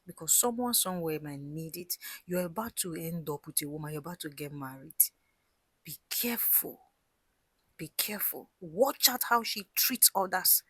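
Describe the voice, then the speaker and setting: A woman's voice: medium pitch, a bit bright, breathy edge, no room sound. A woman telling a cautionary story and giving earnest advice, talking straight to her listeners, repeating words for emphasis and dropping to a whisper on key points. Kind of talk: storytelling monologue with life advice.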